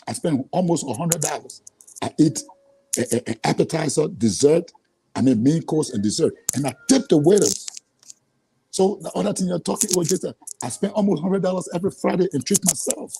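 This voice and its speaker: In poor audio with slight background noise, a man with a Liberian English accent talks as an interview guest in a rather high, creaky voice with a dark tone. He is angry and heated, repeating himself and stammering into restarts when frustrated.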